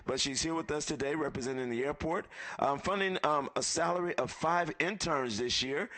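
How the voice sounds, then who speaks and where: A man's voice: a little high, normal speed, bright, forceful tone. A man emceeing a live event, thanking sponsors and calling guests up one by one in an upbeat way.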